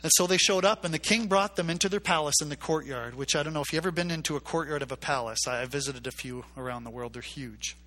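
A man delivers a sermon as a story with a bright, forward tone and a voice pitched a little above the usual. He jumps into the characters' voices and drives points home through repetition. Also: quick pace, hardly any pauses. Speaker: preacher.

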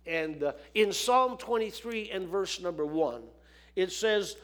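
A man's voice: high voice, expressive, a little slow, a bit bright. A man preaching a sermon, folksy and repeating phrases for emphasis.

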